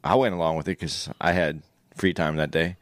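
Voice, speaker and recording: A man telling a rambling story in casual chat, halting with many restarts. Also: extremely low pitch, steady tone, no room sound.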